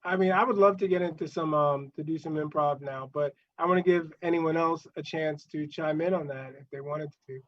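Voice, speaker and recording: A man hosts a casual live show, friendly but hesitant as he restarts his sentences. His voice sits a little high, and the video call audio is dull. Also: a little fast, few pauses. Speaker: show host. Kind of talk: casual hosting chat.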